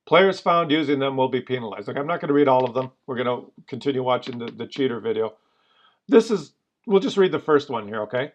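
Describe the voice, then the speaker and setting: A man's voice: mid-range voice, lively intonation, quick pace, lo-fi sound. A man giving casual commentary on a game, exasperated and ranting, with many fillers. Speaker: gaming commentator. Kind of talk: casual commentary over gameplay video.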